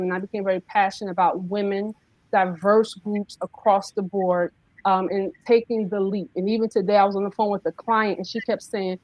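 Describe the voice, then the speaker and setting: A woman's voice: mid-range voice, steady tone, brisk, no echo, poor audio. A woman answering an interview question emphatically, posing rhetorical questions as she goes. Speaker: guest entrepreneur.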